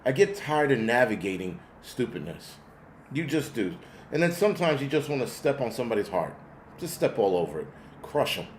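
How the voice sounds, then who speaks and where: A man hosting a show reads through chat and answers viewers in an exasperated, sarcastic rant laced with swearing. His medium-pitched voice has a sing-song lilt and a fairly quick pace, over a faint hiss or hum.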